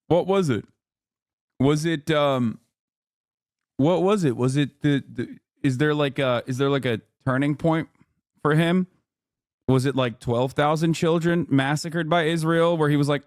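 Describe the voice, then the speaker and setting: A man in his thirties talks over a clip he is reacting to, swearing and mocking as he goes. His voice sits a little high for a man. The sound is dry and close, with no room around it. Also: measured pace, no room sound. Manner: profane, sarcastic, mocking impressions. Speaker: streamer reacting to a video. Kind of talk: casual reaction commentary.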